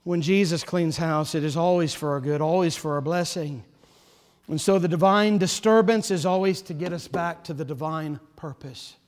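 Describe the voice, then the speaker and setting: A man preaching a sermon as pastor, passionate, his voice swelling loud and then dropping soft. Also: fairly high pitch, moderate pace. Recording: long hall reverb.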